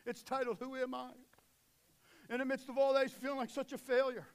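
A man preaching a sermon, swinging between loud urgent passages and low, quiet intensity. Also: fairly even intonation, brisk, clear, resonant tone.

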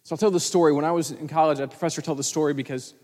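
A man preaching from the pulpit with a fairly high voice, earnest and conversational, as if talking straight to the congregation. His words ring out with the long reverb of a church sanctuary. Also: fairly even intonation, very fast, darkish tone. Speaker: pastor. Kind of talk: sermon.

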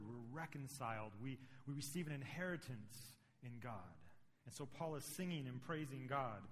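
A man's voice: a little high, a bit bright, a little hiss or hum. A middle-aged man preaching a sermon as pastor, conversational and building to emphatic points. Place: church sanctuary. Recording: long reverb of a large hall.

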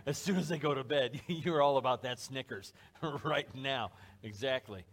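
A man preaching a sermon to a church congregation, speaking in a conversational, joking way. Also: medium pitch. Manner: conversational, joking, acts out little scenes. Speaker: pastor. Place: church service before a live congregation.

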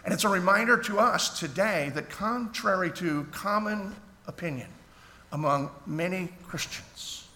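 Pastor guy preaching, earnest chatty sermon, kinda high sharp voice, echoey church hall. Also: a little slow. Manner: earnest, conversational preaching with restarts. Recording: echoey hall, faint background noise.

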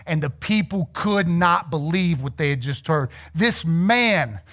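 A male preacher with a notably high voice, delivering a sermon. He tells scripture stories with animated, acted-out dialogue, then drops into a hushed, low voice to drive points home. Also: moderate pace. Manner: animated storytelling, acts out biblical figures.

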